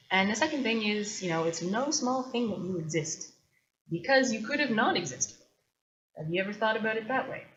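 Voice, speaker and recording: Low-voiced woman musing casually, lo-fi. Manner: chatty and thoughtful, with loose asides. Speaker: host. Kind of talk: casual solo commentary. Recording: dull lo-fi recording.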